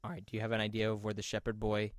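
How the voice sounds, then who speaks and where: A man co-hosting a podcast who rambles excitedly and uses lots of filler words while improvising a story. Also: lowish voice, rapid-fire, no room sound, clean studio sound. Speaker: podcast co-host.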